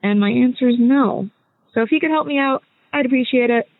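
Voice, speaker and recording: A woman's voice: a little high, a little fast, no room sound. A young woman in her mid-twenties talks through her problem in a loose, rambling voice message. She stops and restarts often. The sound is thin and phone-like, close and dry. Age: 20s. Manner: rambling, hesitant, self-interrupting. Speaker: listener caller sending a voice message. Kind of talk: casual recorded voice message.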